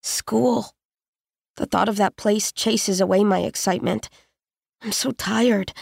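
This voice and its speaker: A woman reading a first-person story in a slow, tense, suspenseful manner. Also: mid-range voice, steady tone, creaky, darkish tone, dry recording, clean studio sound. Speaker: audiobook narrator. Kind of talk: first-person scripted narration.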